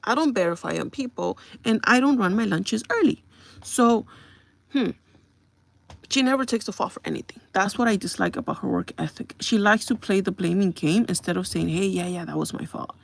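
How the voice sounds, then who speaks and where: A woman's voice: medium pitch, expressive, moderate pace, gravelly, no room sound. A woman live streaming, telling a long exasperated story to her viewers and checking in with them as she vents. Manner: exasperated, venting with repeated asides to the audience. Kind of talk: casual storytelling rant to viewers.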